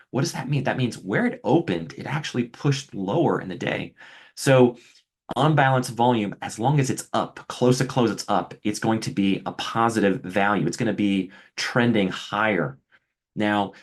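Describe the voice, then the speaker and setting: A middle-aged man explaining a trading indicator in a conversational webinar style, often asking rhetorical questions. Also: lowish voice. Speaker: trading educator.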